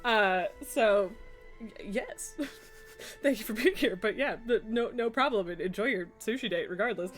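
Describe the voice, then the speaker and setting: A woman's voice: medium pitch, moderate pace, soft background music. A woman live streamer chatting casually from her home streaming room, laughing often, swearing and scolding her cats.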